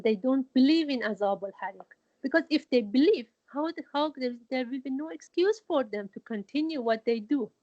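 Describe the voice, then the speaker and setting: Woman teaching slowly with halting restarts. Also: a little high, a little mellow. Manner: halting, with frequent restarts and Arabic quotations. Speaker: Quran teacher. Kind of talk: informal religious lesson. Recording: dull lo-fi recording.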